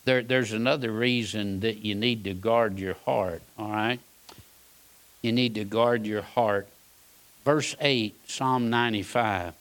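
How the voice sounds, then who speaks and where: A man's voice: on the low side, fairly even intonation, a little slow, a bit bright. A man preaching a sermon, folksy and emphatic, repeating his points and asking "all right?". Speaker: pastor; Bible college teacher.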